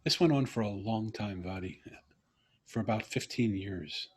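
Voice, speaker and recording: Husky low-voiced man telling a story. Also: moderate pace. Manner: earnest storytelling, animated when quoting himself. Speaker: interview host. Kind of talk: video call conversation. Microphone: video call.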